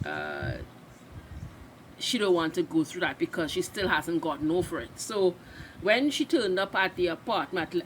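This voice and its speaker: Unhurried Trinidadian woman, chatty recap. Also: lowish voice, fairly bright tone, a little hiss or hum, low-quality recording. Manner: chatty, loose, restarts mid-sentence. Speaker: reaction video host. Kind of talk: casual recap and live reaction.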